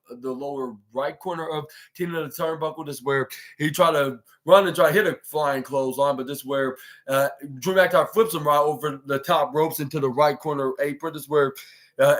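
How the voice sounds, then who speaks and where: Male podcast host, slightly high voice, blow-by-blow solo match recap with quick acted-out quotes. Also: fairly bright tone. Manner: blow-by-blow retelling, acting out wrestlers' lines.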